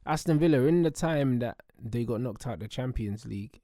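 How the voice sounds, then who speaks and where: Mellow man in football banter. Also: mid-range voice, normal speed, dry recording, clean studio sound. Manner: relaxed agreeing banter. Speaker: co-host. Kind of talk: casual football chat.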